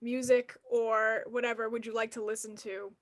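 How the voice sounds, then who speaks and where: A woman's voice: on the high side, level tone, moderate pace. A woman in an online improv show asking questions with many fillers. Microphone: video call.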